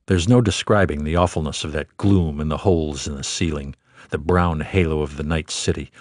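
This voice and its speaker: Deep-voiced man reading literary prose. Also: dry recording, studio quality. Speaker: audiobook narrator.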